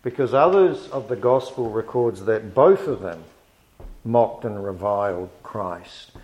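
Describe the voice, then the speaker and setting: A man preaching a sermon in an earnest, measured way, reading scripture aloud and building to emphatic rises. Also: lowish voice, animated, darkish tone, low-quality recording.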